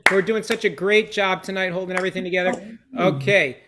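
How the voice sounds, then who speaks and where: This man leads an online seder over a video call, upbeat and encouraging, cueing people casually with many fillers. His voice sits high and steady, and he talks fast. Heavy background noise runs underneath.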